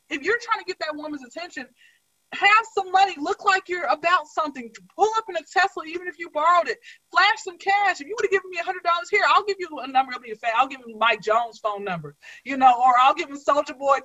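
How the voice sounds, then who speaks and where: Funny woman riffing on dating, bright sharp voice, dry close sound, kinda dull lo-fi. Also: sits high, no echo. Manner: animated storytelling, blunt and joking. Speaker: comedian guest. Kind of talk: casual podcast chat.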